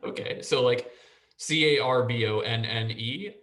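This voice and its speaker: A man's voice: mid-range voice, measured pace, fairly bright tone. Man host, casual, steers a group chat with questions and easy laughter. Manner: prompting questions, laughs easily. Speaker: podcast host guiding discussion. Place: school podcast recording.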